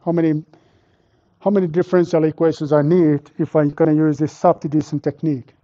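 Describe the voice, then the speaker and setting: A man lecturing a university class live, with a fairly high, mellow voice. He walks through the material step by step, puts questions to the room and teases the students about their answers. The stream sounds dull and lo-fi. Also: level tone, brisk. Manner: quizzes students and teases them. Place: lecture hall with a live audience.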